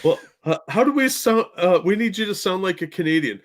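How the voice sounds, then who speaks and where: Dude cohosting a stream, bit high and lively, jokey. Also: male voice, fairly quick, slight background noise. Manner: casual, joking. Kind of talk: casual livestream chat.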